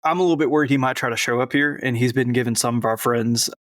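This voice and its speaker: A man's voice: medium pitch, quick pace, a bit bright, no room sound, studio quality. A man playing in a tabletop game, upbeat and joking, stammering a little while improvising in character. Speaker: player. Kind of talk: tabletop game role-play.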